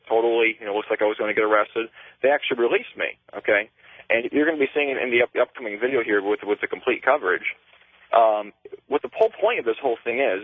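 A man's voice: mid-range voice, no echo. Man on a tinny phone line. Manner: rambling, with many fillers and restarts. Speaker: reporter phoning in. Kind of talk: phone-in interview.

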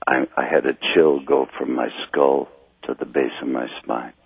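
A slightly drunk man calling in to a radio show, telling a long story in a rambling, halting way over a phone line. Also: very deep voice, level tone, gravelly, husky, no room sound. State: a little drunk. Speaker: caller. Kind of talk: call-in radio chat.

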